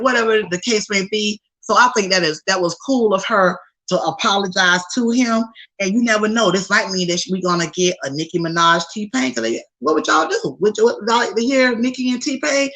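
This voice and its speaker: A woman hosting a podcast, chatting casually about celebrity gossip with animated, slangy asides to her listeners. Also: mid-range voice, moderate pace, low-quality recording. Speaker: podcast host.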